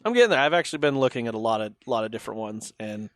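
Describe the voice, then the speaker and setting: A man's voice: medium pitch, very fast, dry recording. Male podcast host, mid voice, laid-back, moves topics along; dry sound. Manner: relaxed, steers the talk between stories. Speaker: podcast host leading segments. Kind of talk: casual tech chat.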